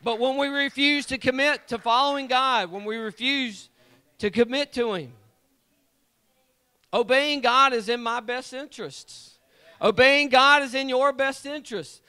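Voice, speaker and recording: A man's very high, sharp, smooth voice moves at a measured pace as he delivers a fervent, repetitive sermon in the church sanctuary. He names members of the congregation as he calls out to them; he is a lay preacher and plays guitar for the church.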